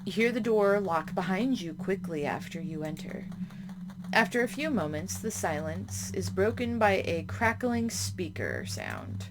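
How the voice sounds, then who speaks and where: A woman reads a horror game's text aloud at a mid pitch, stopping now and then for startled, chatty remarks to herself. Steady background noise runs under the voice. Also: measured pace. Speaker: game streamer. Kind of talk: reading a horror game aloud with reactions.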